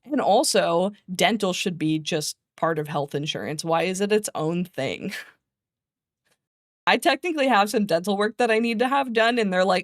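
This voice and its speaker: A woman streamer chatting casually with her viewers. She rants in an animated way, swears freely, laughs often and mocks the people she is quoting. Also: mid-range voice, measured pace, dry recording, studio quality. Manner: exasperated, mocking quoted voices.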